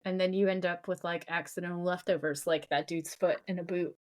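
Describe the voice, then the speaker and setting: A woman's voice: on the low side, a little fast. A woman co-hosting a podcast, recapping a TV episode in casual chat and acting out lines from the scenes. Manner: animated, quotes characters in playful put-on voices. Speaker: podcast co-host.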